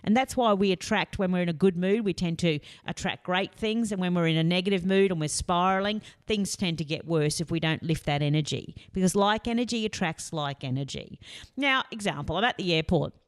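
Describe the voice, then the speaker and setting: A woman giving a lively motivational talk, telling stories and putting on voices. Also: fairly low pitch, fairly quick. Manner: lively, storytelling with put-on voices. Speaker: motivational speaker.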